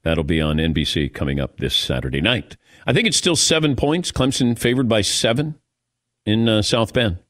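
A man hosting a sports talk show, chatting casually and telling lively stories. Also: fairly low pitch, moderate pace, no room sound, clean studio sound. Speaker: sports radio host.

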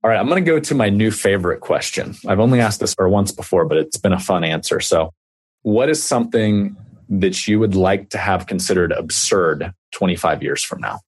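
A man with a Kansas accent hosting a podcast, friendly and relaxed in casual conversation. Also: deep voice, a little fast, slightly rough. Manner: friendly, relaxed, calls guest buddy. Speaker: podcast host. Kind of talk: casual interview chat.

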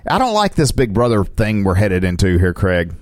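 A male radio co-host reading odd headlines and often tripping over words. His mid-pitched voice has a lively lilt, recorded dry and close. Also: normal speed, dry recording. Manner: stumbling, chuckling reader. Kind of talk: news headline reading with banter.

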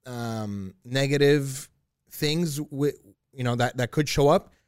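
A man in a relaxed conversation who rambles, restarts and hunts for the right words while he pushes back on his co-host. His voice is smooth and clear, and it is recorded dry and close. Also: mid-range voice, slow pace, no echo. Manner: rambling, searching for words, challenging. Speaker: podcast co-host. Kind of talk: casual chat.

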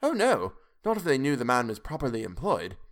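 A man's voice: medium pitch, wildly swooping pitch, a little fast. A man voicing an anxious, impatient young Englishman in an audiobook, talking in an urgent, pleading way. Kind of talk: audiobook character reading.

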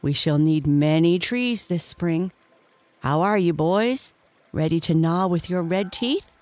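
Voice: medium pitch, lively intonation, slow, darkish tone, no echo. A storyteller voicing Mister Cuppy, a friendly, hearty neighbor beaver giving advice in a bedtime storybook. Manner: hearty, advising.

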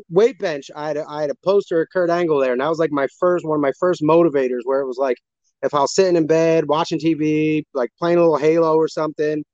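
A man's voice: on the high side, dry recording. A man who is a professional wrestler, chatting as a guest in a loose, rambling way, a little out of breath. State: slightly out of breath. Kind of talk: casual chat on a stream. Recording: dull lo-fi sound.

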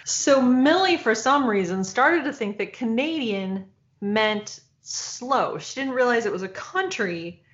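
A woman's voice: fairly high pitch, expressive, unhurried, muffled recording. A woman in her forties from Michigan, a podcast co-host chatting casually and laughing as she tells a family story. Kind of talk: casual chat.

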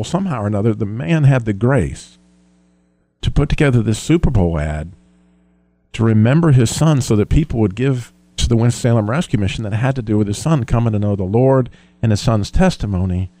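Earnest man co-host, low mellow voice, dry sound, reflective. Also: expressive, fairly quick, no room sound. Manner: earnest, reflective, hesitant restarts. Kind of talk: faith discussion.

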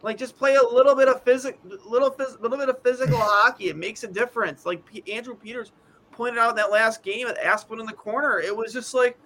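A man with a high, bright voice co-hosts a casual hockey podcast. He rambles and vents in exasperation, tripping over stammered restarts as he goes. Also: steady tone, fast. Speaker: podcast co-host. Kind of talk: casual sports talk.

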